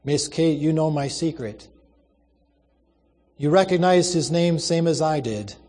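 A man reading the part of a kindly old convict who talks in a gentle, pleading, resigned way. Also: on the high side, unhurried, long reverb tail. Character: kindly self-sacrificing old male convict.

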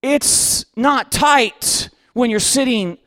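A man preaching a sermon as a humorous story, comic and self-mocking in a lively way. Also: very high-pitched, drawn-out words, no echo.

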